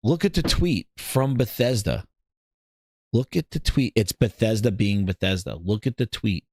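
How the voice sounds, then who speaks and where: A man hosting a live gaming stream, reacting with loud laughter, swearing and repeating himself. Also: on the low side, moderate pace, breathy edge, no echo, clean studio sound. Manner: excitable, laughing, profane, repetitive.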